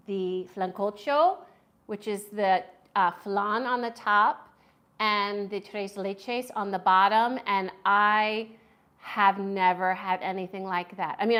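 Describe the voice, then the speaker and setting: A woman's voice: mid-range voice, fairly bright tone. A woman hosting a casual live-stream food review at home, chatty and enthusiastic as she reads viewer comments aloud. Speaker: food vlogger.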